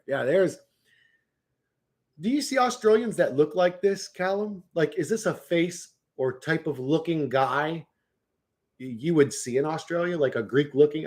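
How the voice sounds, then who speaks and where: A man's voice: a little high, a little mellow. A man chatting casually on a livestream, rambling and swearing, often restarting his words.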